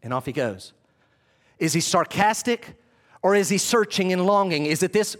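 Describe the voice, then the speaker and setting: A pastor preaches a sermon in a high voice at a moderate pace, animatedly acting out the voices of those he quotes.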